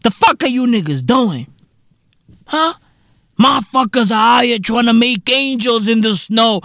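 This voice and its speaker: A South African man riffs through a comedic podcast rant, his voice bright and sharp. He drags out words slowly, then leaps way up in pitch to mock and exclaim. The sound is close and dry, with no room around it. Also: no echo. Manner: animated, profane, mocking, big swings up into high exclaims. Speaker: podcast host.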